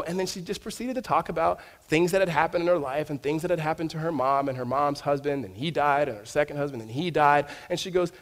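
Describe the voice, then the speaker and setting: A man's voice: on the high side, expressive, fast. A man preaching a sermon to his congregation, telling stories animatedly and often stammering and restarting his words. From United States. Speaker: pastor. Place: church sanctuary.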